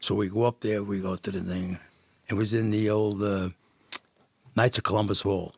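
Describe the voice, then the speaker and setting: A man's voice: on the low side, little pitch movement, normal speed, creaky, a little mellow, no echo. An older man from Jersey City, a podcast guest, telling rambling old neighborhood stories with many restarts and laughs. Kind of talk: storytelling in casual chat.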